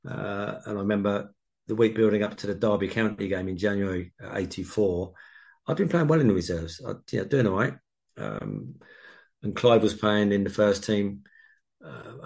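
Older man, ex-footballer guest, low gravelly voice, rambling anecdotes. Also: darkish tone. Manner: rambling anecdotal storytelling, many restarts. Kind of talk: casual interview.

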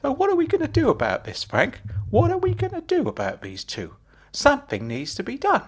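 A man voicing a high-pitched, eager male interviewer who pushes questions at the host. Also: wildly swooping pitch, fairly quick, full character voice. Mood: curious. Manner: quizzical, pushy questioning.

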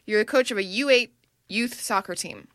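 A woman's voice: medium pitch, normal speed, fairly bright tone, no room sound, clean studio sound. A woman co-hosting a comedy podcast, teasing and bantering in casual chat. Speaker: podcast co-host.

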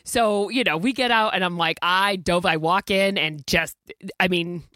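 Bright-voiced woman telling a rambling story. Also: lowish voice, moderate pace, dry recording, clean studio sound. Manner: rambling, laughs often, acts out quotes. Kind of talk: casual anecdote.

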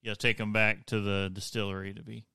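A man's voice: fairly low pitch, flat delivery, quick pace, gravelly, sharp tone, clean tone, dry recording. A man hosting a podcast, reading notes on history aloud and breaking off into jokes with a laugh. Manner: laughs often, reads then jokes aside. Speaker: podcast host.

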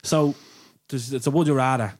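Chatty podcast co-host. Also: male voice, mid-range voice, moderate pace, husky, no echo, studio quality. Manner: chatty, rambling, sets up questions with slang. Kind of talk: casual chat. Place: recording studio.

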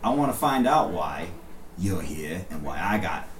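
A man's voice: sits low, sing-song, a little slow, echoey room, far from the mic, a little hiss or hum. A man playing a weary, sarcastic police detective. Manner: grumbling, sarcastic questioning. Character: weary gruff male 1920s police detective.

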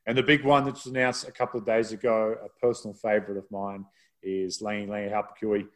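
A man's voice: fairly low pitch, little pitch movement, fast talker. Chatty male rugby broadcaster telling stories. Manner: chatty, self-deprecating storyteller. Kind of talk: casual podcast storytelling.

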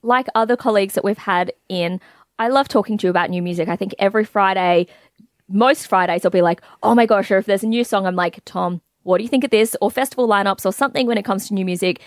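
A woman's voice: mid-range voice, quick pace, dry recording, studio quality. A woman co-hosting a podcast, chatting about music in a bubbly, gushing way with lots of fillers. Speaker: podcast co-host. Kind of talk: casual music chat.

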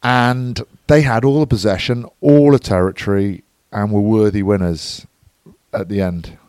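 A man's voice: on the low side, steady tone, a little slow, a little mellow, clean tone, no echo. A man co-hosting a podcast, giving a matter-of-fact, analytical match recap in casual chat. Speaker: podcast co-host.

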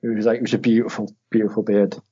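A young man in casual chat, animated, swearing and laughing as he acts out quotes. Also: lowish voice, racing, breathy edge. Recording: dull lo-fi audio.

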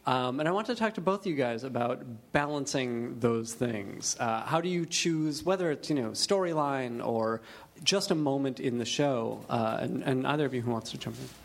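A man moderates a panel discussion in a voice of middling pitch. He builds his questions carefully, with hesitant fillers between the phrases. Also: moderate pace, gravelly.

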